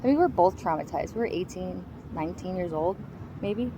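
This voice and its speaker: A woman's voice: lowish voice, expressive, brisk, background noise. A woman giving a raw, personal account of surviving an attack, in a blunt and heavily profane way. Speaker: survivor telling her story.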